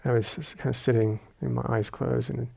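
A male meditation teacher giving a dharma talk in a retreat hall, reflective and unhurried with gentle humor. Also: medium pitch, level tone, vocal fry, husky.

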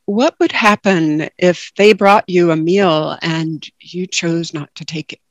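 A woman voicing a serene, patient male spiritual teacher, asking questions gently and calmly. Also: fairly low pitch, slow pace, dry recording, dull audio.

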